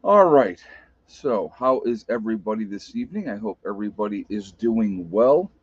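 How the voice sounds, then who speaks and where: Chatty low-voiced Appalachian man. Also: expressive, normal speed, slightly rough, dry recording. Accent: Appalachian American. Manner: chatty, laughs often, restarts sentences. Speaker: livestream host. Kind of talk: casual livestream commentary. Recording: dull lo-fi webcam audio.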